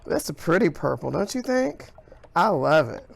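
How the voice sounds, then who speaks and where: A woman's voice: low-pitched, very animated, moderate pace, vocal fry, slightly rough. A woman science teacher leading a hands-on classroom demonstration in an enthusiastic, encouraging way.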